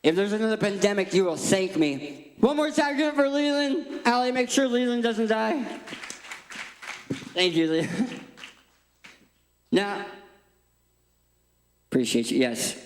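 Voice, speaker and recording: A man preaching an interactive sermon on stage, playful and energetic as he directs a volunteer. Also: sits high, unhurried, pauses often. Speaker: guest speaker. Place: large church hall. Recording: echoey church hall.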